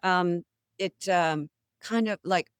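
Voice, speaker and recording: A woman's voice: lowish voice, takes it slowly, clean tone, no echo, studio quality. An older woman, an actress, talking as a guest in a casual interview, telling stories with animation and frequent laughter. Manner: animated storyteller, laughs often. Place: New England.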